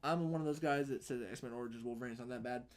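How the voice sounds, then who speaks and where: A man's voice: mid-range voice, racing. American guy cohosting a chat podcast, swears a ton, rambles along, mid voice. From United States. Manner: swears a lot, rambling and animated. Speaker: podcast co-host. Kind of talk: casual chat.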